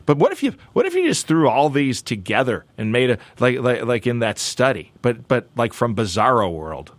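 A man hosting a show segment, joking playfully and talking in a loose, animated way with many restarts and asides. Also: mid-range voice, normal speed, slight background noise. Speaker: show host.

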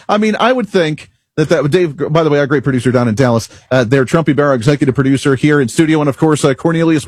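A man's voice: mid-range voice, no echo. A man hosting a political talk radio show from a studio, delivering an opinionated monologue full of rhetorical questions.

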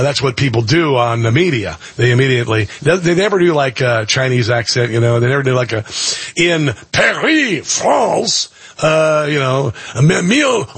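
A combative male radio host with a husky, slightly rough voice, recorded close and dry with no room sound. He reads headlines aloud, then breaks into blunt, heated commentary full of ums and restarts. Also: medium pitch, a bit bright, dry recording. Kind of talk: political talk radio commentary.

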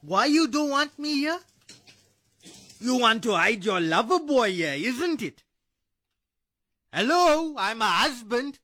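An actor playing a drunk, abusive ex-husband who is a bullying cop, slurring and taunting. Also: male voice, very high-pitched, very animated, unhurried, sharp tone, heavily acted.

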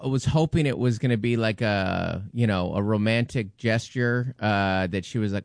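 A man's voice: on the low side, gravelly, no echo, clean studio sound. A man in his forties, co-hosting a radio show, telling wry, self-deprecating stories in casual chat. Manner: wry, self-deprecating joking with quick asides.

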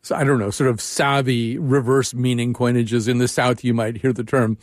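A man's voice: medium pitch, little pitch movement, moderate pace, no echo, clean studio sound. A male host asking questions in a musing way, searching for words as he talks. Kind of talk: conversational interview.

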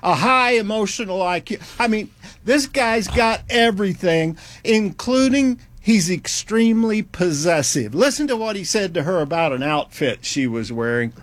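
A man's voice: sits high, expressive, normal speed. A man hosting a talk show, wry and teasing, often chuckling between remarks. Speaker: host.

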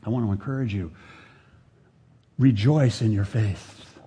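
Slow, husky older male preacher. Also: lowish voice. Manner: slow, deliberate, repeating phrases and dropping to a hushed voice for emphasis. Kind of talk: sermon.

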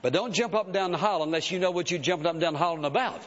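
A man's voice: high voice, racing. A male pastor preaching a sermon with conviction, emphatic and insistent, often urging the listeners to listen. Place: church sanctuary. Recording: dull sound, long hall reverb.

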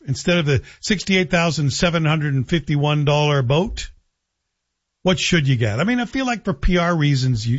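Male talk radio host, husky voice, slightly high pitch, wry and chatty, dull lo-fi broadcast sound. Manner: chatty, wry, self-deprecating asides. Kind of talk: casual radio monologue.

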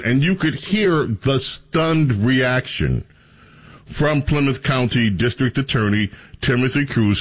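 A man hosting a talk radio show, talking in a sarcastic, animated, mocking way. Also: medium pitch.

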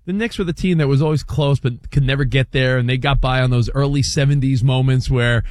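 A middle-aged man from New York hosting a sports radio show, chatty and animated as he tells stories. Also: medium pitch, a little fast, no echo, studio quality. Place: radio studio.

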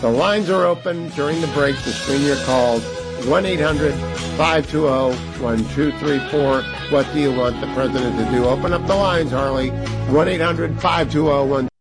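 A man hosting a talk radio show, making an emphatic, repetitive pitch to listeners. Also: normal speed, over music, low-quality recording.

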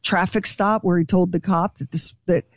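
A woman's voice: fairly low pitch, dry recording, studio quality. A woman radio host chatting casually and gossiping with her co-hosts. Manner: gossipy and animated, quick asides.

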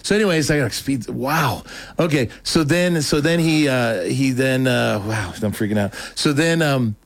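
Excitable man rambling through his story. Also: moderate pace, dry recording. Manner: rambling, excitable, acts out quotes in a higher voice. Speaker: guest telling his testimony. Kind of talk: casual storytelling.

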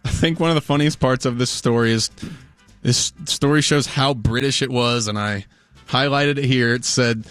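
A male podcast co-host reading news items aloud in a loose, joking chat. His voice sits at an ordinary pitch and is recorded dry and close, with faint music underneath. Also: normal speed, a bit bright, no room sound. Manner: joking, drifts into mock accents.

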